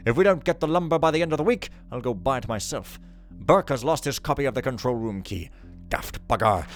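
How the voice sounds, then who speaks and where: A fed-up maintenance foreman, as a man puts him on, grumbling through his weekly log in a put-on accent at a middling pitch. Faint game music sits behind him. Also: lively intonation, brisk, close to an everyday voice.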